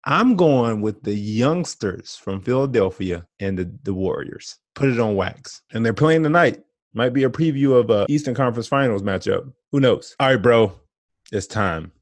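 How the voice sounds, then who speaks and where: A man's voice: mid-range voice, animated, moderate pace, no echo. A man co-hosting a podcast, talking in a laid-back, slangy way and laughing often. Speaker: podcast co-host. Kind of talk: casual chat.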